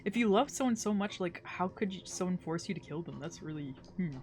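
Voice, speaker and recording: A woman's voice: on the low side, animated, fairly quick, darkish tone. A woman streamer giving casual, chatty commentary on a game, stammering and making joking asides. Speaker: let's play streamer. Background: game soundtrack music.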